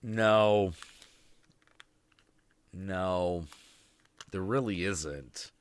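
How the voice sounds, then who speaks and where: A man hosting a livestream, telling a story in a casual, profane, animated way and acting out the voices. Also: deep voice, extremely slow, clean tone. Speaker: show host.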